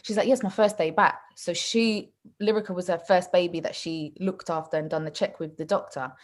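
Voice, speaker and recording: This young woman's lowish voice moves a little fast. On the podcast she co-hosts, she chats casually, recounting stories with animation, laughing often, and voicing what others said.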